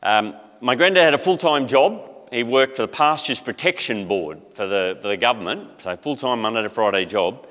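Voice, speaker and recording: A man's voice: mid-range voice, animated, moderate pace, hardly any pauses, fairly bright tone, in a large hall. A middle-aged man, telling a story in a casual, conversational talk full of asides. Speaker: speaker.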